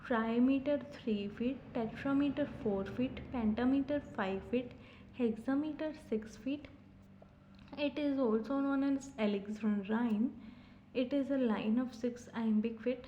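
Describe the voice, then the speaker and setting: A woman teaching an exam-prep lesson, reading definitions carefully from her notes with frequent pauses and "uh" fillers. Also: fairly high pitch, a little hiss or hum. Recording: dull lo-fi recording.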